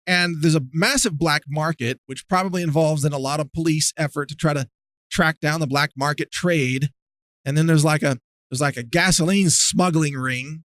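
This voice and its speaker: A man's voice: on the high side, fairly bright tone, dry recording. A man hosting a podcast, delivering a sarcastic, mocking political rant. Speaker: podcast host. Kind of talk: ranting political monologue.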